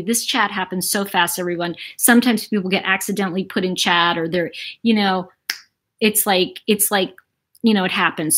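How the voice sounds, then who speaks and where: A chatty woman from New York City hosts a casual livestream. She talks in an animated, conversational way at a middle pitch and reads comments from her viewers aloud as she goes. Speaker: livestream host. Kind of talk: casual live-chat monologue.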